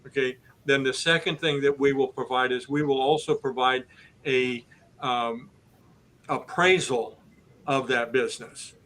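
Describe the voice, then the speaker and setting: A man hosting a business podcast in a flat, unhurried tone. He walks through each step methodically and keeps his voice level throughout. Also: medium pitch, low-quality recording. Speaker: host.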